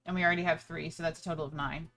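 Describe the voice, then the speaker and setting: A woman's voice: deep voice, fairly even intonation, racing, fairly bright tone, soft background music. A woman player talking through plans in a casual, hesitant way. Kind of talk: casual game talk.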